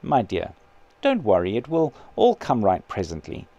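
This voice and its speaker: A man doing a patient, gentle spirit man. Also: fairly low pitch, moderate pace, lo-fi sound, voice pushed down, heavily acted. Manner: calm, kindly, earnest persuasion. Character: patient gentle male spirit, her brother.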